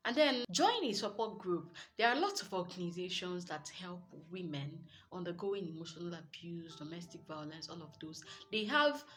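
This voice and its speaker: A young adult woman with a Nigerian accent giving earnest, lively relationship advice as a coach, with Pidgin asides. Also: lowish voice, moderate pace, hardly any pauses, soft background music. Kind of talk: motivational advice talk.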